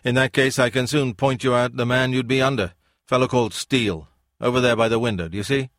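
A man's voice: medium pitch, steady tone, a little fast, a bit bright, dry recording, studio quality, pitched above the performer's own voice, lightly acted. A man voicing an older male academic who speaks bluntly and dismissively, in a storybook reading. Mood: gruff. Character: blunt older male don, gruff and disillusioned.

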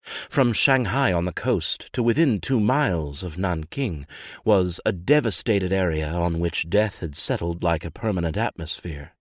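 A man with a very deep voice reads a grim true account in a steady, grave, measured way. The recording is dry and close, with no room echo. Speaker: author and narrator. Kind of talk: scripted narration.

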